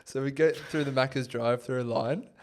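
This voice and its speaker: A man's voice: medium pitch, moderate pace. A young Australian man co-hosting a podcast, telling stories in casual chat with frequent laughter. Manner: animated storyteller, laughs often. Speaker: podcast co-host.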